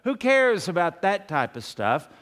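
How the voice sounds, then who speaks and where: A male pastor delivers a lively sermon in a fairly high voice. He drifts into half-sung hymn lines now and then. His words trail off into the long reverb of a big church hall. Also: measured pace. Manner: animated preaching, half-singing hymn lines.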